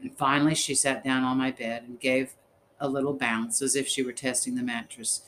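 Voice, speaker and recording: A man narrating a story in the first person, reading in a measured, steady way. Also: mid-range voice, a little hiss or hum, rough recording. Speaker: audiobook narrator.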